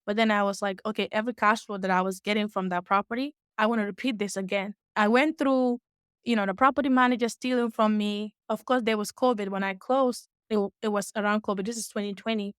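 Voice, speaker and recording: A woman tells her own story as an interview guest. She acts out the quotes of the people in it and corrects her small slips as she goes. Her voice sits at a middle pitch, and the recording is dry with little room sound. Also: clean tone, no room sound. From West Africa. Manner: animated retelling with acted-out quotes and quick self-corrections. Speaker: guest, real estate investor.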